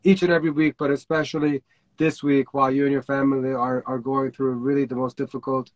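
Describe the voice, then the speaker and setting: A man hosts a livestream talk show over a video call, his voice steady and flat. His words are casual and kind. The sound is close and dry. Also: medium pitch, quick pace, no echo, highs cut off. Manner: warm, supportive, informal with "man". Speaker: host.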